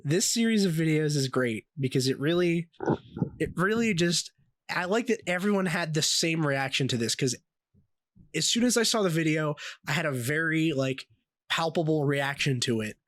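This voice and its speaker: A man hosting a casual podcast, telling a story in an animated way, laughing and swearing freely. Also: on the high side, moderate pace, no echo, clean studio sound. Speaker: podcast host.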